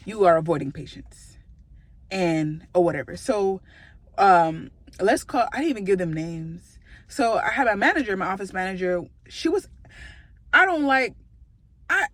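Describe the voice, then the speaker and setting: Woman doing a storytime vlog, chatty and animated, lots of "like" and laughing, middle-pitched voice. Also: husky.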